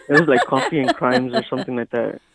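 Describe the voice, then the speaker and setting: A man's voice: mid-range voice, low-quality recording. A man guest on a podcast, chatting in a laid-back way in casual conversation.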